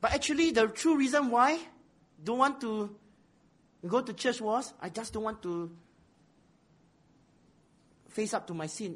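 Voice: mid-range voice, a little slow, pauses often, a bit bright, slightly rough. A preacher giving a sermon, posing rhetorical questions and repeating phrases for emphasis.

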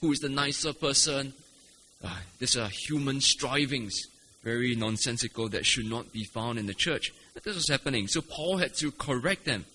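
A man's voice: mid-range voice, expressive, normal speed, bright, forceful tone, slight background noise. A man preaching an expository sermon, explaining patiently with rhetorical questions and frequent "right?" checks. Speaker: pastor. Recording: long hall reverb, faint ambience.

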